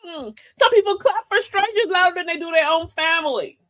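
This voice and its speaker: A woman's voice: very high voice, animated, brisk, pushed and bright. An older woman hosting a live-stream talk, giving life advice emphatically, telling stories and calling listeners baby and y'all. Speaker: host of a live advice show.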